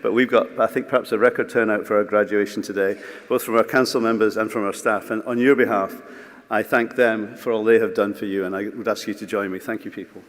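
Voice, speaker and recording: Man, graduation speech, wry, anecdotal, halting fillers, lowish voice, large echoing hall. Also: fairly even intonation. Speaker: college speaker at a graduation. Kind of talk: ceremony speech.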